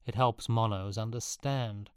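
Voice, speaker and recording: A man's voice: fairly low pitch, steady tone, measured pace, clean tone, no echo, natural voice. A smug, sneering older boy, voiced by a man reading a story, condescending in every word. The storybook voice is slightly raised and sounds close and dry. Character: tall, superior, sneering boy.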